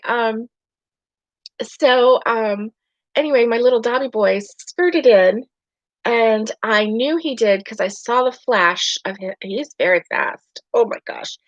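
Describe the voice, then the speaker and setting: A woman with a slightly high, somewhat bright voice runs a laid-back livestream from her bedroom at home, rambling chattily and laughing a lot. The sound is dry, dull and lo-fi, with no room sound.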